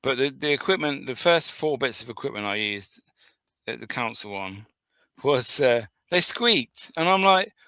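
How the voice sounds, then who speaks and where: Bright-toned man chatting casually. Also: medium pitch, lively intonation, normal speed, dry recording. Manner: jokey, laughs often, swears freely. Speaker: podcast co-host. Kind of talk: casual chat.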